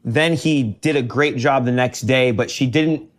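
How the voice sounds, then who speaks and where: Man chiming in with quick remarks. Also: medium pitch. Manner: brief interjections, quick laughs. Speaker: podcast guest. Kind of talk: casual chat.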